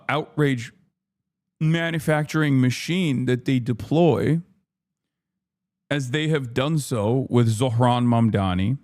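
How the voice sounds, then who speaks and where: A man in the middle of a heated political rant on a live stream, his voice pitched right in the normal range. He swears often and sounds openly exasperated, and he races through news text when he reads it aloud. The sound is dry and close, with hardly any room around it. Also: a little mellow, dry recording. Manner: profane, exasperated ranting.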